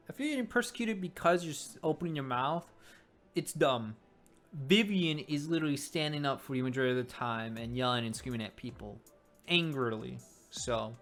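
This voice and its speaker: A young man chats his way through a webcomic review, rambling and tossing in joking asides. His voice sits at a middling pitch. Soft background music runs quietly behind him. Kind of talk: casual commentary.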